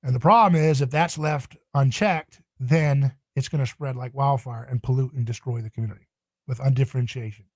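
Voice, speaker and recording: A man's voice: mid-range voice, fairly quick, darkish tone, no echo. Emphatic man on a podcast. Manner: passionate, emphatic preaching tone. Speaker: podcast guest. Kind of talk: podcast interview.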